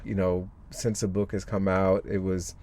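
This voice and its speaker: Low-pitched man, earnest, thoughtful, podcast guest, hesitant fillers. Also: level tone, moderate pace, a little mellow. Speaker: guest author. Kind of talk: podcast interview.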